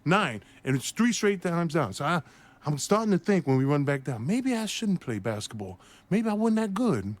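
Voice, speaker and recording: A retired basketball player, interviewed, spins an energetic anecdote full of laughter and impersonations of the people in it. His voice is male, leaning high, with a moderate delivery.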